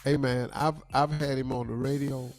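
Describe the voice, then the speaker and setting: A man hosting a morning radio show, telling a comic story in an animated way with stammers and repeats. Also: medium pitch, moderate pace. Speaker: radio host.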